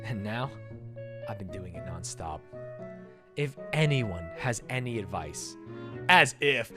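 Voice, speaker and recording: A man performs a dramatic reading of an online post, and his pitch swoops and jumps all over. He keeps cutting in with sarcastic, mock-outraged commentary. Quiet music plays faintly behind him. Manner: animated and sarcastic, swings into loud mock-outraged rants. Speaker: YouTuber reading a Reddit post aloud.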